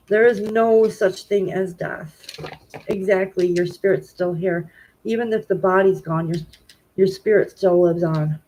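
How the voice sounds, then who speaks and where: A woman's voice: on the low side, fairly even intonation, unhurried, mellow, rough recording. A woman tarot reader on a live stream, talking straight to her viewers and tearful with grief. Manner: emotional, talks directly to viewers. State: tearful, grieving.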